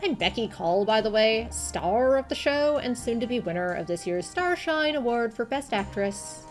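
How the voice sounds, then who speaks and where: A woman's voice: on the high side, lively intonation, normal speed, soft background music, natural voice. A woman voicing a bubbly, self-promoting female TV actress. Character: vain, cheery TV actress.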